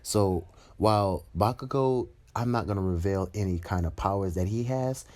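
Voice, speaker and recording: A man's voice: lowish voice, normal speed, darkish tone. A man narrating a homemade fan story in a casual, rambling way, with many fillers and restarts.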